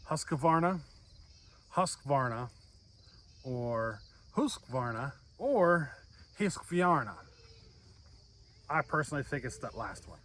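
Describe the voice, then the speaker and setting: A man's voice: mid-range voice, a bit bright, slight background noise. Host, male, easygoing and rambling, mid-range voice, outdoor take with faint insects behind. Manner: rambling, folksy, many fillers. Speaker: chainsaw channel host. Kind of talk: casual chat to camera.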